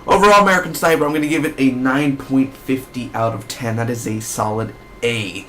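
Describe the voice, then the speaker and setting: A man's voice: medium pitch, a little fast, bright, forceful tone, slight background noise. A young man giving a casual, rambling movie review, enthusiastic and swearing freely. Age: young adult.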